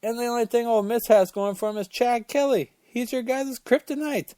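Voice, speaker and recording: High-voiced guy ranting on his sports talk show, opinionated and fired up, cusses a lot, dry close sound. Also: fairly even intonation, fairly quick, warm tone, dry recording. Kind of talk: casual sports rant.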